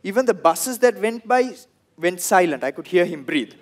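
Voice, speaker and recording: A young comedian with a Sri Lankan English accent works through a stand-up set. His voice sits high for a man, and he tells his stories with animation, throwing in loud bursts when he acts out the people in them. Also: animated, normal speed.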